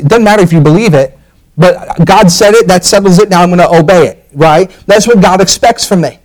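High-voiced fervent male preacher. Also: a little fast, rough recording. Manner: fervent preaching, repeats words, quotes scripture. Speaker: pastor. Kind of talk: sermon.

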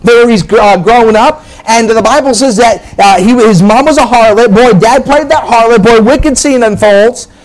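A middle-aged man with a notably high voice delivers a lively sermon. He talks in bursts of exclamation, often throwing in "hey" and "man" as he presses his points. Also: normal speed, few pauses, poor audio. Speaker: preacher.

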